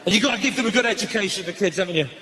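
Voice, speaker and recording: A middle-aged man with a Northern English accent doing live stand-up comedy in a theatre, bantering with the audience and breaking into loud outbursts. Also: high-pitched, racing, a crowd in the background, noisy background. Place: theatre stage.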